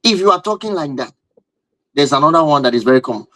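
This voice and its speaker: Man, live-stream talk, emphatic, repeats rhetorical questions, slightly high voice, dry close sound. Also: animated, quick pace, sharp tone, no room sound, poor audio. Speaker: relationship and marriage speaker.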